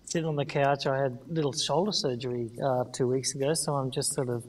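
Middle-aged Australian man, easygoing guest, mid-pitch, picked up from a distance. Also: brisk. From Sydney, Australia. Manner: relaxed, easygoing. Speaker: guest, former triathlon champion. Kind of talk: casual interview chat. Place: couch at home. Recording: distant from the mic.

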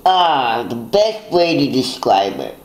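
Speaking slowly but very animated, a young man with a mid-range voice chats casually with his vlog audience. He rambles, teases himself, and laughs at his own jokes, captured in poor audio with an echoey room.

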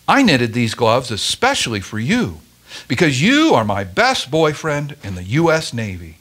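A man's voice: fairly high pitch, a bit bright, voice pushed up, exaggerated voice. A man voicing a glamorous woman film star reading out her sweet, gushing letter.

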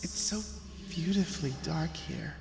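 A man voicing the ghost of a small dead boy, hushed and giggly in a high voice. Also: measured pace, vocal fry, reverberant, long reverb tail. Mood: creepy.

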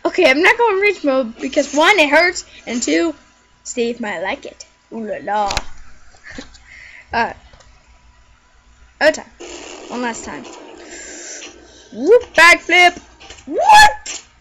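A high-voiced woman doing let's play commentary, her pitch leaping all over as she squeals and shrieks at the game. She talks in an unhurried way, chattering jokily to herself between outbursts. Faint noise sits under her voice. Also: big pitch swings, sharp tone, low-quality recording. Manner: jokey running self-talk. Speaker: gaming video creator.

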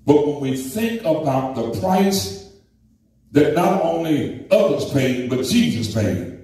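A man with a high voice preaches in a loose, conversational way, turning to the congregation and calling on members by name. He is heard from a distance in a very echoey church. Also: big pitch swings, unhurried, mellow. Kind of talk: sermon.

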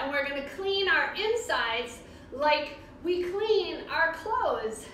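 A woman guides children through yoga in a slow, unhurried, sing-song voice that sits very high. Her tone is bright and encouraging. She sounds far from the mic in a very echoey room with faint background noise. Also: expressive. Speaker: kids' yoga teacher. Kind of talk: guided kids' yoga class. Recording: roomy echo from far off.

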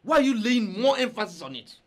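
A resolute younger brother standing up to his elder in a family drama. His voice is high and moves expressively. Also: very animated, fast, a bit bright, heavily acted. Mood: defiant. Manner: firm, resolute. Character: defiant younger brother set on marrying.

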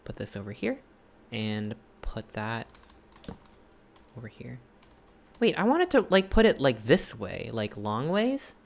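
An excitable streamer talking through a live game session, asking themselves questions and breaking into gasps and exclamations. The pitch swings widely from low mutters to high squeals, while the overall delivery stays unhurried, with drawn-out pauses. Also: gravelly, a little hiss or hum. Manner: excitable, gasping and exclaiming at discoveries; thinks aloud with hesitant questions and restarts. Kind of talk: casual live gameplay stream, chatting with viewers.

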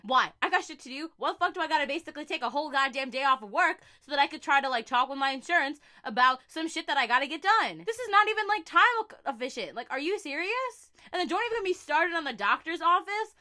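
A young woman vlogging a comedic, profane rant to camera, exasperated and bursting into loud outbursts. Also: sits high, expressive, normal speed.

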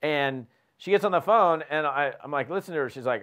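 Animated man coaching with restarts. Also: a little high, brisk. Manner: animated storyteller with many restarts. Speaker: host. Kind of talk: energetic coaching talk.

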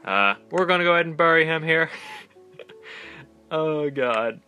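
A man hosts a casual let's play, talking to his viewers as he plays. His voice is sharp and very bright, and he reacts in an animated way, with frequent exclamations. Faint game music plays softly behind him. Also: a little high, measured pace, smooth. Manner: animated, exclaiming and laughing in dismay. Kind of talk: casual gameplay commentary.

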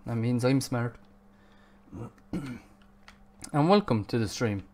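A man's voice: medium pitch, animated, slow pace, darkish tone. A man streaming a video game live, chatty and self-mocking, and swearing at the game now and then. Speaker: gaming streamer. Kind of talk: live gameplay commentary.

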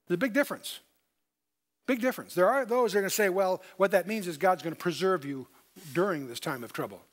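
A man's voice: high-pitched, lively intonation, brisk. An older man giving a verse-by-verse Bible lesson, stressing key points and asking his listeners questions. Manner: emphatic, repeats key points, asks the audience questions. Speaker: Bible teacher.

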